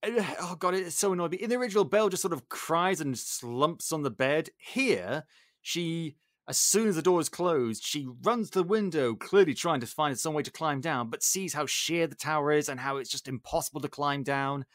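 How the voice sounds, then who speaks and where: A British man hosting a podcast in casual chat, excitable and sarcastic. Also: a little high, moderate pace, no echo, clean studio sound. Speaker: podcast host.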